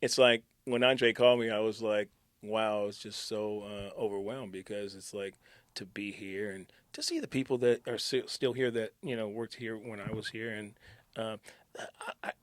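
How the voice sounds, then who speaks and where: A man's voice: fairly low pitch, fairly even intonation, moderate pace, dry recording. Laughing, joking ex-morning-radio man. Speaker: former morning radio host, guest. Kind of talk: casual interview. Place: radio station.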